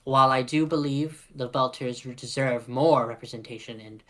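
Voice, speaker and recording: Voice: medium pitch, normal speed, natural voice. A man voicing an earnest young woman officer.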